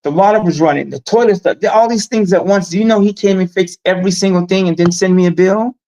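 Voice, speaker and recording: A middle-aged man talking in a casual live-stream chat, animated and emphatic, telling stories with asides. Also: high voice, quick pace, low-quality recording. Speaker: guest.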